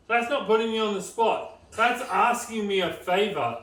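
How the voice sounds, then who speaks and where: A man, co-hosting a casual podcast in an animated, mock-defensive way. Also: high voice, moderate pace. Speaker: podcast co-host. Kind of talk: casual chat. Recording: roomy and distant, faint background noise.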